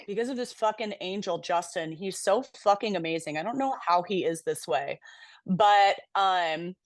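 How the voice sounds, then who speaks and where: A young woman co-hosts a podcast in relaxed conversation. She sounds candid and reflective and swears now and then. Her voice is dry and close, with no room sound. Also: fairly low pitch, normal speed, no room sound. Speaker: podcast co-host. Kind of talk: casual chat.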